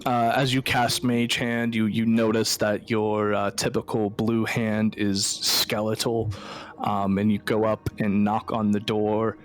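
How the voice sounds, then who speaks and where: A man narrating a tabletop role-playing game as dungeon master, halting and stammering, with many fillers. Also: on the low side, little pitch movement.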